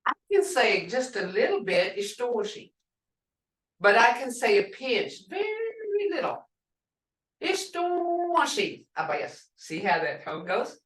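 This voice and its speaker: A woman's voice: on the high side, very animated, normal speed, few pauses, a bit bright. An older woman teaching a language class, patiently explaining words one by one with examples. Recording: roomy, distant mic.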